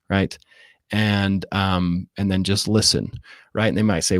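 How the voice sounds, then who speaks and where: A man's voice: fairly low pitch, fairly even intonation, brisk, no echo, clean studio sound. A man, a real estate wholesaler, explaining in casual interview talk how he makes sales calls, acting out sample lines and asking "right?" again and again. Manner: acts out sample phone scripts, says "right?" often.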